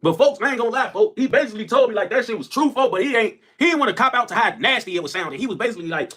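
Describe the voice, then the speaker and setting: High, fast-talking man. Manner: animated and profane, saying "folks" constantly. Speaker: livestreamer. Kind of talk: storytelling and joking on a live stream.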